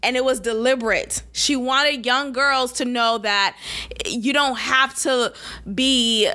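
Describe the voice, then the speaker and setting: A woman's voice: on the high side, steady tone, slow, bright, forceful tone. A woman hosting a podcast, giving blunt, sassy, profane commentary and mocking the people she quotes. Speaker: podcast host. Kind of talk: opinionated commentary.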